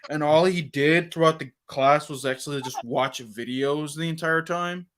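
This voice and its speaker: A man's voice: a little high, moderate pace, fairly bright tone. A young man hosting a casual sports podcast, rambling with many restarts and fillers. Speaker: podcast host.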